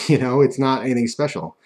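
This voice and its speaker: A man's voice: mid-range voice, brisk, darkish tone. A young man telling stories in a casual, rambling and self-mocking way, with frequent restarts. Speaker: vlogger. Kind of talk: casual storytelling.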